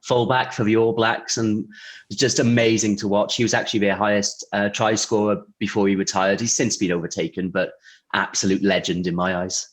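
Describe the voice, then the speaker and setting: Man, lowish voice, easygoing guest answering questions with frequent fillers. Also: fairly quick. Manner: relaxed, chatty, many fillers and restarts, laughs easily. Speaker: guest, insurance technology vendor. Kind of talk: casual interview answers.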